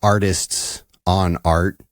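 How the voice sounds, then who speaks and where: A man's voice: low-pitched, flat delivery, drawn-out words, no echo, clean studio sound. A male podcast host chatting casually and eagerly, often repeating words as he starts sentences. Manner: laid-back, enthusiastic, repeats words when starting sentences. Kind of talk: casual chat.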